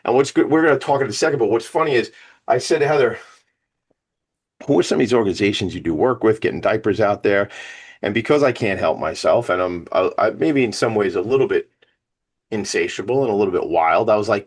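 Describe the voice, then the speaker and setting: A man's voice: lowish voice, fast talker. A man hosting a radio talk show, enthusiastic and rambling, a little out of breath from climbing to his attic studio. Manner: enthusiastic, rambling, self-promoting. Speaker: podcast host.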